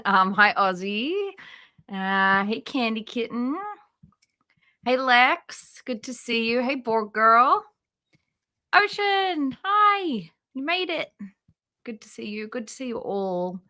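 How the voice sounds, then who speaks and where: Woman, livestream host, chatty, bright clear tone, laughs a lot. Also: on the high side, takes it slowly. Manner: chatty, greets viewers by name, laughs often. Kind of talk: casual livestream commentary.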